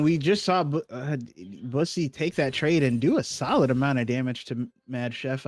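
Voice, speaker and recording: A man casting an esports match with chatty, joking play-by-play that often corrects itself. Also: fairly high pitch. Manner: chatty, self-correcting, jokey. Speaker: esports caster. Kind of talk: play-by-play commentary.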